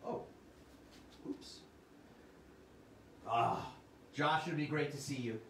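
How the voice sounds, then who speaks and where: A man's voice: mid-range voice, slow pace, a bit bright, distant mic, slight background noise. A man hosting a livestream sales show, with upbeat salesman patter and chatting with his viewers. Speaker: host. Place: Arizona. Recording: roomy sound from off the mic.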